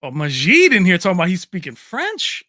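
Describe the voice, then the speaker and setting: Reading viewers' comments, names and places aloud, a livestream host keeps things chatty, jokey and relaxed. He talks fairly quickly in a bright, forward voice that sits a little high, recorded close and dry without room echo.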